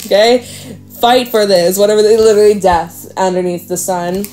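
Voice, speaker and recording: A woman's voice: medium pitch, fairly even intonation, moderate pace, mellow, soft background music. A woman giving a casual tarot reading, talking emphatically, swearing freely and laughing often. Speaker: tarot reader.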